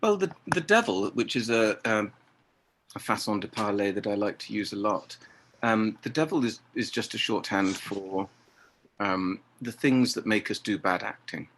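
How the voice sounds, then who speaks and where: Articulate man, low voice. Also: animated, moderate pace, fairly bright tone, slight background noise. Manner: articulate, acts out voices in quotes. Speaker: theatre director. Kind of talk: interview conversation.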